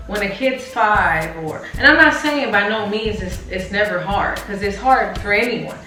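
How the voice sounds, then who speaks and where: A woman co-hosting a channel, talking about a painful family topic in a halting, tearful way, often repeating words and addressing viewers directly. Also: mid-range voice, pushed and bright, very echoey, recorded from a distance, faint music behind. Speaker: co-host. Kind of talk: emotional personal talk to viewers.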